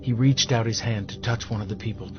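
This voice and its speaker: A man reading fantasy narration in a measured, steady way. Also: mid-range voice. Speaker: audiobook narrator. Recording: dull lo-fi audio with music behind.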